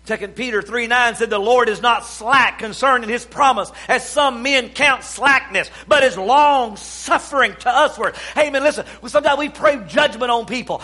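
A man delivering a fiery sermon in a high, bright voice. He rises to shouts, then drops to near-whispers while quoting scripture. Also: normal speed, few pauses. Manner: swings from shouting to hushed, quotes scripture. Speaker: preacher. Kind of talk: revival sermon.

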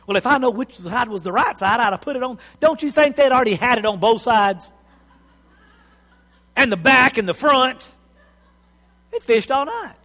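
A preacher tells a Bible story with a high-pitched voice that leaps up and down, acting out the scenes. His sermon rings out in a big hall with a long reverb. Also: lively intonation, moderate pace, pauses often, fairly bright tone. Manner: storytelling, acts out scenes, chuckles. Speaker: pastor.

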